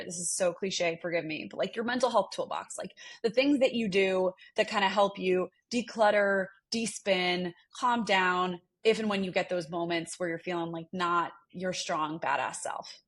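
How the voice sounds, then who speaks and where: A woman's voice: mid-range voice, normal speed, few pauses. A woman hosting a podcast interview, responding with affirmations and asking casual questions. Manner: warm and affirming, asks questions, many fillers like "like" and "um". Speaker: podcast host.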